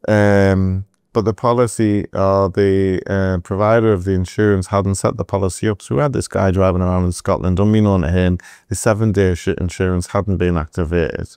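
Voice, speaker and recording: A middle-aged man from England, telling animated stories as a guest in a podcast interview, with asides to the host. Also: low voice, normal speed, hardly any pauses, clear, resonant tone, dry recording, studio quality. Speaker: entrepreneur guest.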